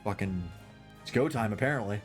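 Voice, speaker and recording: A man's voice: fairly low pitch, brisk, soft background music. A man streaming a game, chatting casually, swearing and joking about himself. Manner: loose, self-mocking, swears casually. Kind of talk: casual gameplay commentary.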